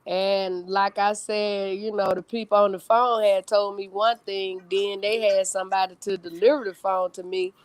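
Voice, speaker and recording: A woman's voice: mid-range voice, little pitch movement, normal speed, hardly any pauses, dry recording. A woman chatting on an online call, telling a folksy story full of "oh, baby" and "honey". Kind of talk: casual chat.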